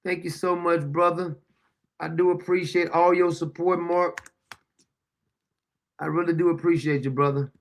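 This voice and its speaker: Male livestream host, high and gravelly, casual and chuckly. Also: level tone, normal speed, pauses often. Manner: loose colloquial, chuckling often. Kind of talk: livestream commentary.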